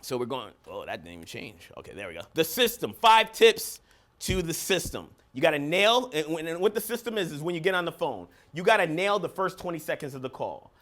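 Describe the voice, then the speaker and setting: High-voiced energetic male coach. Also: brisk. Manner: energetic, emphatic, acts out phone calls. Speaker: business coach and seminar speaker. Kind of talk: motivational seminar talk. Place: seminar room with live audience.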